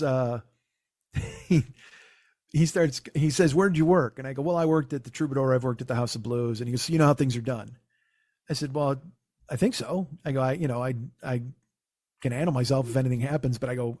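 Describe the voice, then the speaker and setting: A man doing stand-up, telling a long profane story with exasperated, animated delivery. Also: medium pitch, no room sound, studio quality. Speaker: stand-up comedian.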